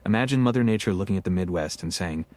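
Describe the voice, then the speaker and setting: A man's voice: sits low, lively intonation, fast, darkish tone, no room sound. A man co-hosting a scripted podcast, telling history with wry jokes. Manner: joking, wry storytelling. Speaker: co-host.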